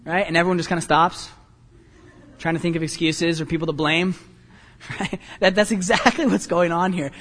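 Animated high-voiced male preacher. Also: long reverb tail, a little hiss or hum. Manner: animated, self-deprecating storytelling with quick asides. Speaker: pastor. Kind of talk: sermon.

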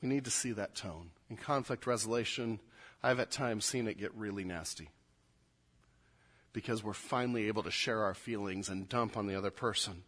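A man preaching a sermon, moving from quiet, low asides to loud, emphatic readings of scripture. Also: moderate pace. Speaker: pastor.

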